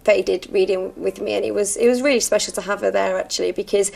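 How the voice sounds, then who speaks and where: A woman actor, reflecting in a heartfelt, soft-spoken way during a farewell interview. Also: medium pitch, fairly even intonation, fast, gravelly, few pauses, husky.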